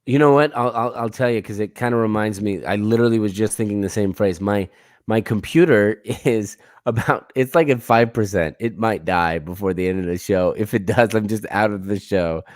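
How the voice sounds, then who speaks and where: A man co-hosting a comedy show, bantering in an animated, self-mocking way. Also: on the low side, moderate pace, dry recording, studio quality. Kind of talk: casual comedic chat.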